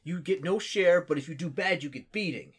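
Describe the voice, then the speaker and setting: A man doing a gruff dim orc warrior. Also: on the high side, brisk, pitched above the performer's own voice. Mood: blunt. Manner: broken simple grammar, blunt.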